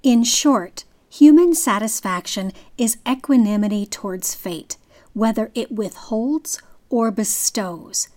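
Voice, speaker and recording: A woman narrates from a script at an unhurried pace. Her voice sits a little high, and every phrase is set out with measured care. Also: darkish tone.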